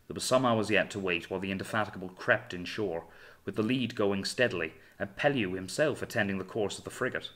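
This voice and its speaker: A man reading a novel aloud in measured, dramatic storytelling narration. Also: fairly low pitch, fairly bright tone. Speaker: audiobook narrator. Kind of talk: scripted narration.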